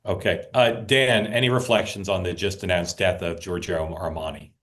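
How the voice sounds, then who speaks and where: A man's voice: sits low, fairly even intonation, moderate pace, a bit bright. A man hosting a political talk show. He chats casually, plugs the upcoming programs and often restarts his sentences.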